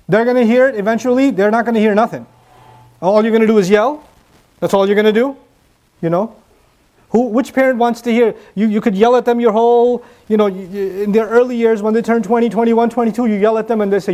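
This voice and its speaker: Earnest high-voiced male preacher. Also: a little fast, a little mellow. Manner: earnest, repeats key phrases for emphasis; asks the listeners rhetorical questions. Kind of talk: sermon.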